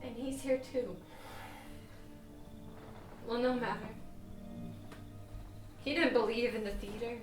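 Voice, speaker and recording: Actress as Nina, a weary, heartbroken young actress. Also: female voice, fairly high pitch, steady tone. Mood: exhausted. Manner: halting, with stammered restarts. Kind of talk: stage drama scene on film. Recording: roomy, distant mic with music.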